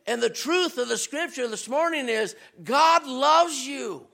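A man with a very high, gravelly voice preaches a sermon as a visiting preacher. He talks to the congregation in a loose, conversational way and builds up to shouts. When he reads scripture, he drops lower and slows down. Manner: conversational and animated, rising to shouts. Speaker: guest preacher.

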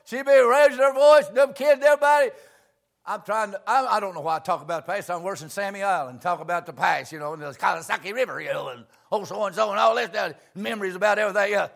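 Older preacher, high-pitched, folksy. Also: male voice, quick pace, creaky, few pauses. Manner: folksy storytelling, swings from quiet asides to shouting. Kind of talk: sermon.

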